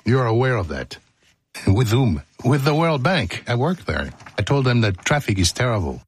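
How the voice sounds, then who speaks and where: A man's voice: medium pitch, sing-song, normal speed, husky. A man hosting a radio show, reading his script and joking through outtakes in a playful, self-mocking way from a studio microphone. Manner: jokey, self-mocking, breaks off mid-line. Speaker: radio host.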